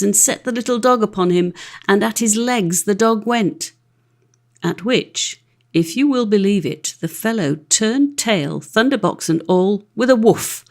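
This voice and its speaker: A woman narrating a classic fairy-tale audiobook with an expressive, lively reading. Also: medium pitch. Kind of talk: storybook narration.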